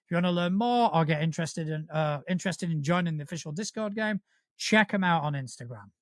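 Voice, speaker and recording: A man's voice: fairly high pitch, lively intonation, fast, no room sound, studio quality. A middle-aged man co-hosting a tabletop gaming podcast, reading show plugs and trading wry banter. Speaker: podcast co-host. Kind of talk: casual chat and show plugs.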